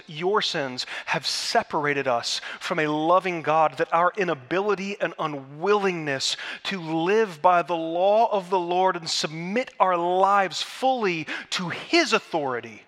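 A man preaches a sermon in a church. His voice sits a little high for a man and rings with a bright, forceful edge. He presses hard on key phrases, then falls back to a near hush. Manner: earnest, builds to emphatic peaks then drops to hushed tones. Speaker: pastor. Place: church sanctuary.

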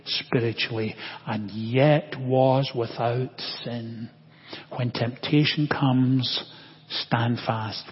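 A man pastor preaching a sermon slowly and deliberately, with long pauses, often dropping to a hushed tone. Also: mid-range voice, husky. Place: church sanctuary. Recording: dull lo-fi audio with long church reverb.

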